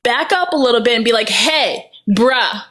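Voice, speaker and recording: A woman's voice: fairly high pitch, racing. A woman co-hosting a podcast in casual chat, animatedly retelling a film plot. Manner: animated retelling, laughs often. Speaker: podcast co-host.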